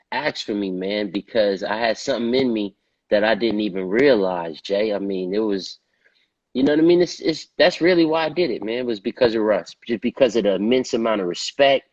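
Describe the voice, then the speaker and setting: A man's voice: fairly low pitch, dry recording. Male R&B singer, casual, profane storyteller; dry, dull recording. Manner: laid-back, profane, repeats filler phrases. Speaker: guest, R&B singer.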